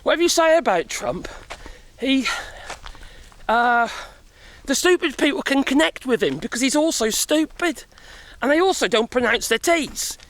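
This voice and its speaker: A man's voice: very high voice, very animated, moderate pace, pauses often, a bit bright. A middle-aged man from Europe chatting casually outdoors while walking in the woods, out of breath, rambling, swearing and chuckling often. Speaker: vlogger.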